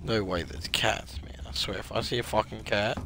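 Gravelly, cursing male game streamer. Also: on the low side, moderate pace, noisy background. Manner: frustrated, heavy swearing. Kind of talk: live gaming commentary.

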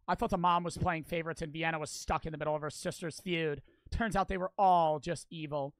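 Male streamer, slightly high and bright voice, casual rambling slang, dry close-miked sound. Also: a little fast, few pauses, dry recording. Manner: animated, slangy, rambling with many "like"s. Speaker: streamer reacting to videos. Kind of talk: casual live-stream chat.

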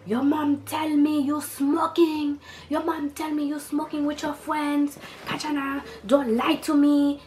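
A woman's voice: high-pitched, little pitch movement, a little slow, a little mellow, slight background noise, pitched above the performer's own voice. A woman voicing her strict, angry father, scolding in broken English.

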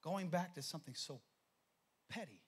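A man preaching a sermon as pastor, telling a story with animated energy and frequent repeated words. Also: on the high side, normal speed, breathy edge. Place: church sanctuary.

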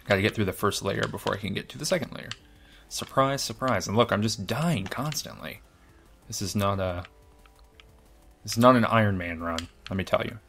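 A man's voice: lowish voice, moderate pace, gravelly, faint music behind. A man commentating his own video game playthrough, thinking aloud and cheerfully mocking his own play. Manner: excitable, self-deprecating, thinks aloud.

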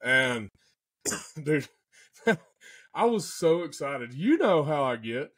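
A man, a podcast guest telling a story in an excitable, animated way and often saying "man" and "dude". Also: on the high side, slow, slightly rough. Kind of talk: casual storytelling.

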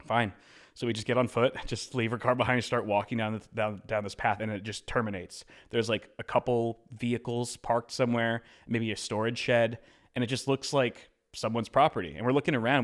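A young man on a podcast telling a story in a casual, animated way, switching into quoted voices as he goes. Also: mid-range voice, brisk. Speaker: podcast co-host.

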